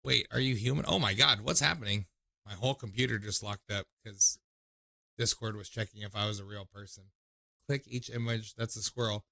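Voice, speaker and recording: Male stream host, tipsy and loose, profane rambling chat, sharp bright tone. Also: on the low side, a little fast, creaky. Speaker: livestream call-in show host. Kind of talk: casual livestream chat.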